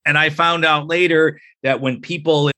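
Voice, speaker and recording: A man, a guest author on a faith podcast, telling a personal story in an earnest, animated way and acting out what people said. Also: a little high, normal speed. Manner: earnest, animated, acts out quoted speech.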